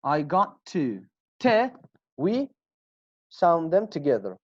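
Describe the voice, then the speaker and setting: A man teaching an English class online, slowly repeating example phrases and asking students questions. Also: fairly high pitch, lively intonation, no echo. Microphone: video call. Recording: dull lo-fi video call audio.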